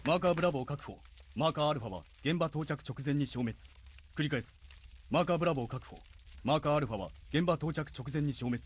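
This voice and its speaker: A man's voice: on the high side, racing, slightly rough. An actor playing a male military radio operator in a game, giving clipped, urgent reports and orders. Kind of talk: Japanese game voice acting.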